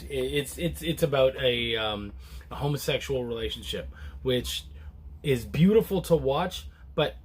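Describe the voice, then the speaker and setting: A man reviewing a comic book in a casual, relaxed chat to camera, rambling with many restarts and fillers. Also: husky. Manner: relaxed and low-key.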